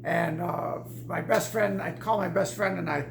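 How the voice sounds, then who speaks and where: A woman recounts a personal story in a loose, rambling way, circling back and restarting her sentences. Her voice has a gravelly edge, and the recording sits in a roomy echo with a faint hiss behind it. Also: fairly low pitch, normal speed. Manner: rambling, with many restarts and repeats.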